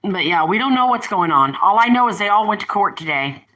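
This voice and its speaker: A woman's voice: medium pitch, lively intonation, fairly quick, fairly bright tone, rough recording. An older woman hosting a casual live stream, rambling and chatty, often breaking off to talk to her pets and family. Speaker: livestream host.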